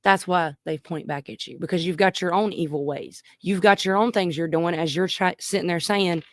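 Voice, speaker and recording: A woman's voice: fairly low pitch, steady tone, moderate pace, no room sound. A woman giving reaction commentary in an earnest, emphatic way. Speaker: reaction video host.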